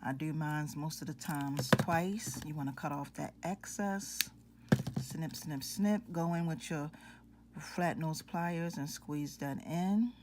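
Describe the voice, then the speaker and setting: A woman hosting a jewelry-making tutorial, calmly talking viewers through each step and addressing them as ladies and gentlemen. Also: sits low, measured pace, very noisy. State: out of breath.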